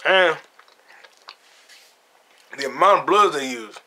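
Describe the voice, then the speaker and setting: Bright-voiced man swearing through a movie recap. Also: a little high, expressive, takes it slowly. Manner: profane, laughing storyteller who retells scenes. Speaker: podcast host. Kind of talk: casual solo movie review.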